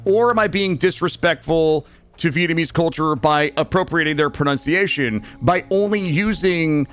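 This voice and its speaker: An American man with a cold chats casually with viewers while streaming a game, rambling and restarting his sentences. His voice is a little high and fairly bright, at a normal speed.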